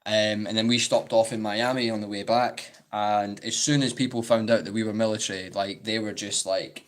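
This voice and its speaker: A Scottish man in his twenties chatting casually on a live-stream Q&A, rambling and saying "like" a lot. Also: lowish voice.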